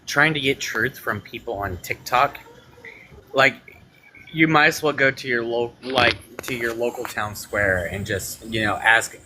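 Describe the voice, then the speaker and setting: A man's voice: medium pitch, unhurried, pushed and bright, slight background noise, rough recording. A man hosting a casual live stream debate, rambling with many fillers and strong opinions.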